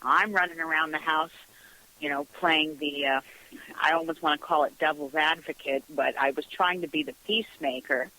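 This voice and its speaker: Bright-voiced woman hosting talk radio. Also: low-pitched, fairly even intonation, normal speed, low-quality recording. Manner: chatty, laughs easily. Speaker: radio talk show host. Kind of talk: casual radio chat.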